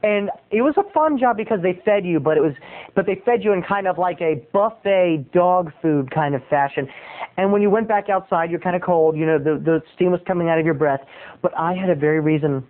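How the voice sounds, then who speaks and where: A man telling a comic story as a show host in a theatrical way, his voice often jumping up into high squeaks. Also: fairly quick. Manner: theatrical, with sudden high squeaky jumps in pitch. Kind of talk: comedic storytelling monologue. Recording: tinny lo-fi tape recording.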